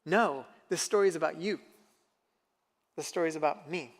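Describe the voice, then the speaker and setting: Male preacher, high voice, chatty sermon that quizzes the congregation, long hall reverb. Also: moderate pace. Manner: conversational, asks the congregation questions. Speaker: pastor. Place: church sanctuary.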